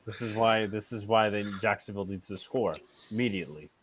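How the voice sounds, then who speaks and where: A man's voice: fairly low pitch, a little fast, slight background noise. A man hosting a casual livestream, joking with friends between play-by-play calls on a football game. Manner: joking, relaxed. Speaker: host and play-by-play caller.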